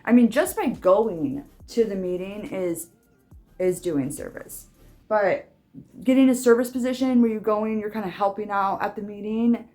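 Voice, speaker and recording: A woman's voice: mid-range voice, a little mellow. A young woman talking casually in a vlog, chatty and rambling, with frequent restarts. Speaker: vlogger.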